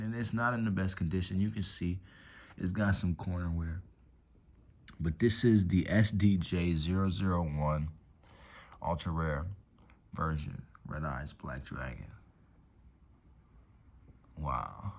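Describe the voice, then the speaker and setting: Deep-voiced laid-back man showing off cards. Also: slow pace, long pauses, a little mellow. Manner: laid-back slangy talk, swears, drops to whispers over cards. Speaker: YouTube card-collection host. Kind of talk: casual collection showcase vlog. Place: room at home by a window.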